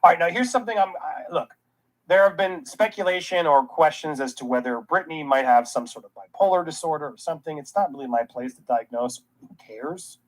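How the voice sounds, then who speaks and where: A commentary host reacting to a clip, ranting with indignation and sarcasm. The voice sits at an ordinary middle pitch. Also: a little fast, low-quality recording.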